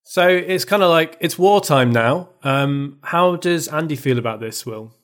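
A man co-hosting a relaxed book chat, with a fairly high voice. He retells the plot in a chatty, easygoing way. He fills his talk with little pauses and fillers. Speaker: podcast co-host. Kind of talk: casual book discussion.

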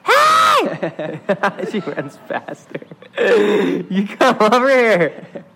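Dad doing a creepy old lady voice for a home video, very high and sliding wildly, drawn out slow. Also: huge pitch swings, vocal fry, bright, forceful tone, raised voice, a little hiss or hum, full character voice. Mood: teasing, playful. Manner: teasing, coaxing a toddler in swooping tones.

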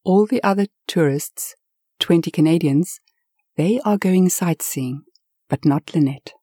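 A woman telling a story aloud in a lively, expressive way, with dramatic swells. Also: fairly low pitch, measured pace, no room sound, studio quality. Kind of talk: told story narration.

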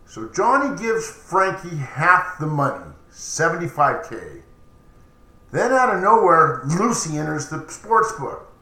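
A man's voice: a little high, slow. A man narrating a story in a chatty, casual way as a podcast storyteller. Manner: chatty, animated. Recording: roomy echoey recording.

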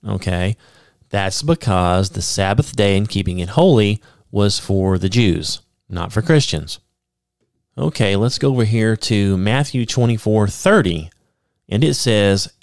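A man teaching the Bible on a podcast, explaining step by step with many "okay?" checks and reading scripture aloud slowly with emphasis. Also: lowish voice, darkish tone, no room sound, clean studio sound. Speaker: podcast preacher.

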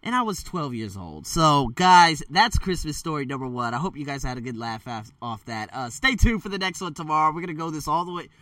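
A man with a bright, slightly higher voice tells a rambling story straight to his viewers. He talks loosely, with lots of fillers and quick self-corrections, and slips into lively voices for the people he quotes. He sounds dry and a bit set back from the mic. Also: dry recording, recorded from a distance. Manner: animated, jumps into quoted voices. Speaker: storyteller vlogger. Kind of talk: casual spoken storytelling.

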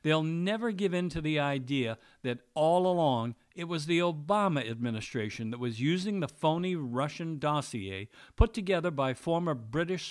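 A man giving a mocking, sarcastic opinion monologue as a political commentator. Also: on the high side.

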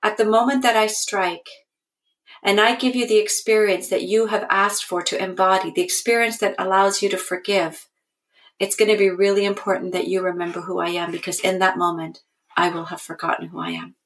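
A woman's voice: medium pitch, a little fast, natural voice. A woman voicing a kind, selfless friend soul in a children's story, earnest and offering.

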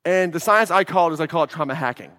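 A man with a slightly high voice delivers a blunt, emphatic motivational talk to an audience. He swears freely and throws questions at the room. The sound carries a long reverb tail, as if from a large hall. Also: quick pace, a bit bright. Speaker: podcast host giving a talk.

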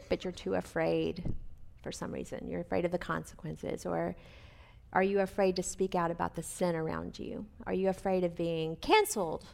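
Chatty woman teaching Bible study, gravelly. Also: lowish voice. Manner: chatty, asks listeners questions, many fillers.

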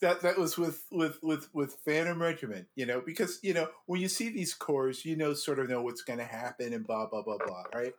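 A man hosting a casual chat, telling animated stories full of restarts and laughter as a former judge. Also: a little high, a little fast, few pauses. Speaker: podcast host and former drum corps judge.

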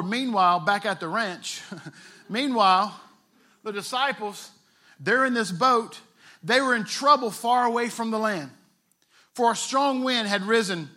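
Bright-voiced, high-pitched male pastor preaching. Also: a little slow, long pauses. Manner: conversational, retells scripture with playful asides. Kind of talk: sermon.

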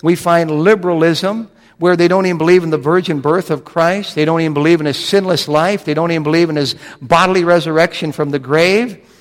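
Male preacher with a slightly high voice, earnest sermon delivery, long church reverb. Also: steady tone. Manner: earnest preaching, slows and drops low on scripture quotes.

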